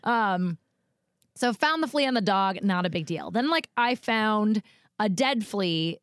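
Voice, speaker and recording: Lively woman telling a story, voice swings high, dry close mic. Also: unhurried, smooth, no echo. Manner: animated storyteller, voice jumps high when acting out panic. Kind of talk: casual chat.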